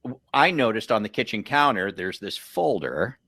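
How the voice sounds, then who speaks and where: A man who works as a loan officer, telling a story in a casual, animated way and acting out what people said. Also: fairly low pitch, normal speed, no room sound, clean studio sound. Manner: animated storyteller, acts out quotes.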